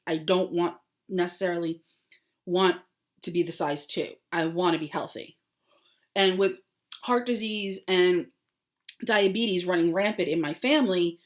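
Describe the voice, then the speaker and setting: Chatty woman hosting a crafting podcast. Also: lowish voice. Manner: heartfelt, rambling with many ums and restarts; bubbly and upbeat when announcing. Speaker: podcast host. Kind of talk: casual chat.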